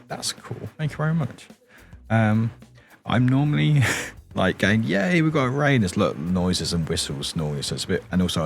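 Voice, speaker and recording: A British man streaming late at night with a deep, quiet morning voice, rambling and giggling as he answers his chat.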